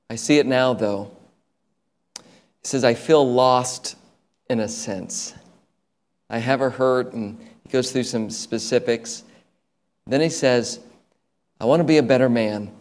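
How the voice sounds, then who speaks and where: Guy telling a story from the pulpit, mid-pitched voice, voices the other people in it. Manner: animated storyteller acting out quoted dialogue. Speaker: preacher. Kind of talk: sermon testimony storytelling.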